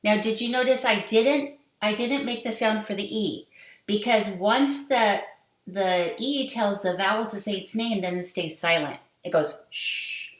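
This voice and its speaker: Slow, patient kindergarten teacher, woman. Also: medium pitch. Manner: slow, sounding out words, sing-song prompts. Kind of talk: phonics lesson to young children. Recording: echoey room.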